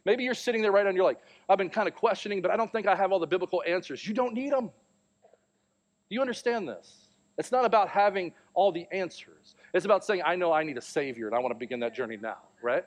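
His high voice races along with few pauses as he preaches. The pastor, a man in his thirties, recounts a family story with animation, acting out the quoted voices.

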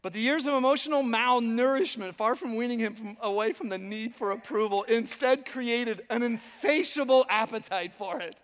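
A man's voice: very high-pitched, moderate pace, hardly any pauses, fairly bright tone, in a large hall. A pastor in his fifties preaching a sermon, talking directly to his congregation in a conversational, self-mocking way. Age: 50s. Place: church auditorium.

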